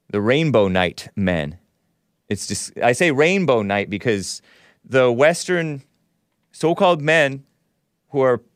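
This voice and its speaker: A man's voice: mid-range voice, no room sound, clean studio sound. Sarcastic man hosting a commentary show. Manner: sarcastic, laughs at his own remarks. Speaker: show host. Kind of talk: solo political commentary show.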